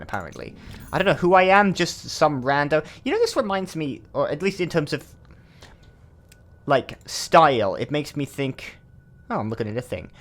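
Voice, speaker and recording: A man's voice: mid-range voice, a bit bright. A man with an Australian accent giving casual let's-play commentary, rambling and thinking aloud with many fillers. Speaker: gaming channel host.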